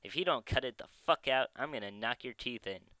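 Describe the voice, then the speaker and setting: A man voicing an angry young male caller making loud, aggressive threats. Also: medium pitch, lively intonation, a little fast, no echo, pitched above the performer's own voice, poor audio. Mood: threatening.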